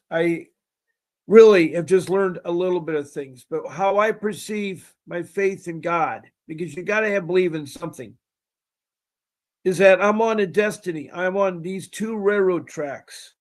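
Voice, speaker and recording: High-voiced man hosting a call-in show. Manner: rambling, folksy, repeats himself. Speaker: show host. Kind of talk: casual call-in show talk.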